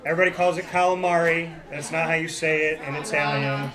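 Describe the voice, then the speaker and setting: A man's voice: on the high side, fast. Playful male host in a busy restaurant. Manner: playful, teasing, animated storytelling. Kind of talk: casual live interview. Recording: noisy restaurant crowd. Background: crowd chatter.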